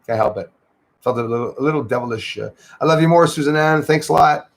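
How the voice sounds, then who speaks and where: A man's voice: on the high side, quick pace, vocal fry. A man hosting a casual livestream, chatting with viewers, greeting them by name and often saying "eh". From Canada. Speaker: livestream host.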